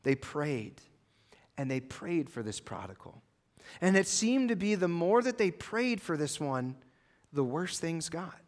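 A male pastor preaching a sermon, swinging between loud emphatic lines and hushed low ones. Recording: long hall reverb.

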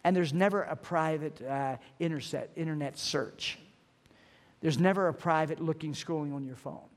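A middle-aged man preaching a sermon, earnest and emphatic, slowing down to stress key phrases. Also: on the high side. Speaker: pastor.

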